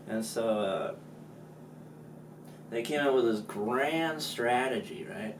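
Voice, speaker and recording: A man explains history in a slow, casual, joking way, with lots of fillers. His voice echoes in a room and sounds a little distant from the mic, with faint room ambience behind. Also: medium pitch, lively intonation, slight background noise. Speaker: student presenter.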